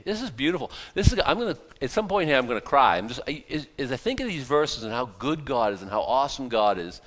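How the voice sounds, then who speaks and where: A man preaching a sermon, reading scripture aloud and explaining it in a lively, conversational, folksy way. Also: medium pitch, brisk, few pauses. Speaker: pastor.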